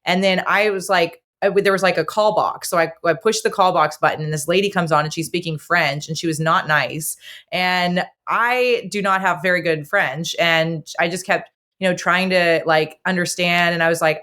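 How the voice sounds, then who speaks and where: A woman with a lowish voice chatting casually on a podcast. She tells her stories with energy and acts out the people she quotes. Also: steady tone, a little fast, a bit bright. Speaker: podcast guest, host's best friend. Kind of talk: casual chat.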